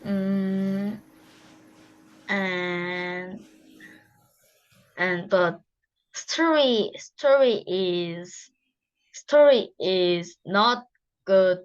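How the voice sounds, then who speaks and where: A woman's voice: medium pitch, extremely slow, pauses often, clear, resonant tone. A woman with a Korean accent, a student speaking English as a second language, hesitant and searching for words. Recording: dull lo-fi audio.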